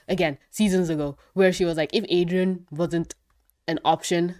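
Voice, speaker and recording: Excitable woman reviewing a cartoon episode. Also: on the low side, moderate pace. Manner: excitable, swearing, laughing often. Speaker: show reviewer. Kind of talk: casual episode reaction review.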